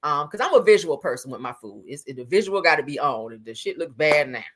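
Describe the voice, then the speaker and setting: Chatty and salty, this middle-aged livestream host talks to her chat and laughs a lot as she speaks casually with viewers. Her voice is low and sing-song, a bit bright, with a quick pace, and there's slight background noise.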